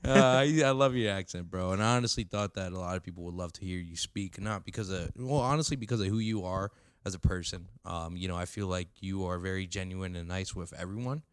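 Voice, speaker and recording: A man with a lowish voice hosts a casual podcast, swearing freely and laughing often. The sound is dry and close on a condenser mic. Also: a little fast, few pauses, smooth, no echo. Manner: loose and profane, laughs often. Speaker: podcast host. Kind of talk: casual chat.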